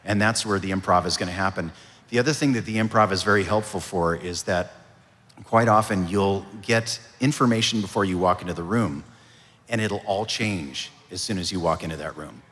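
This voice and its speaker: Man, voice actor, convention Q&A, low-ish voice, bright tone, long hall reverb. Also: moderate pace. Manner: relaxed storytelling with fillers. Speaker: voice actor answering audience questions. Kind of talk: convention panel Q&A.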